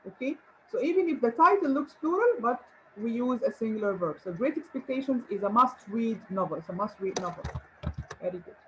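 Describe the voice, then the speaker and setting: A woman's voice: a little high, animated, brisk, a little hiss or hum, poor audio. A woman English teacher giving an online grammar lesson, encouraging and asking her viewers questions. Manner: encouraging, rhetorical questions and praise.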